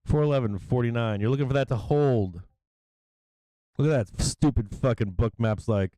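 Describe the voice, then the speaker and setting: A man hosting a live stock-market stream, swearing freely and explaining chart levels, with bursts of excited yelling. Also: medium pitch, moderate pace, no room sound, poor audio. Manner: profane, excitable, yelling at times. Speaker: stock market livestream host. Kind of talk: live trading commentary.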